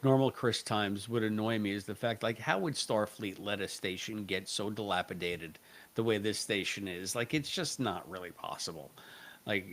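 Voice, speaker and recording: Low-voiced rambling male podcast host. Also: fairly bright tone. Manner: rambling, analytical, self-correcting. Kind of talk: casual review chat.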